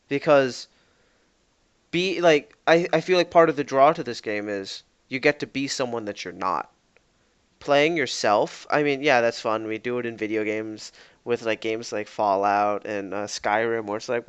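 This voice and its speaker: Male podcast co-host, clear smooth voice, casual rambling chat, muffled lo-fi recording. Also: mid-range voice, moderate pace, fairly bright tone. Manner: rambling, self-correcting, acts out player quotes. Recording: dull lo-fi podcast mic.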